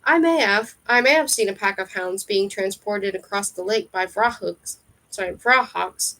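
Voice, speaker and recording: A woman reading aloud, voicing a huge skeletal male ferryman who speaks in hushed, hissing, evasive tones. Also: medium pitch, expressive, normal speed, natural voice.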